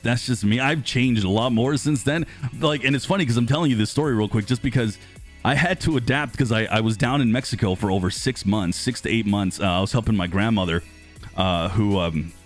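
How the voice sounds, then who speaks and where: A man in his thirties casually chatting with viewers on a live stream, rambling and talkative, losing his voice and clearing his throat. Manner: chatty and rambling, lively pitch swings when greeting viewers. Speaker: streamer host reading live chat.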